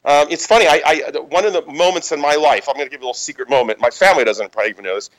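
A man's voice: on the high side, racing, rough recording. A man in his thirties hosting a political talk radio show, rambling and restarting as he tells stories. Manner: rambling, animated, frequent restarts. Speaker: radio host.

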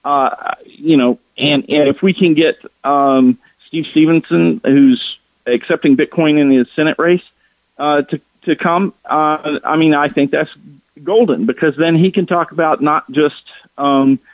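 A man calling in as a guest, speaking in a hesitant, halting way with many fillers. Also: fairly high pitch, no echo. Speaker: guest, conference organizer. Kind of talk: radio call-in interview. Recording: tinny phone line.

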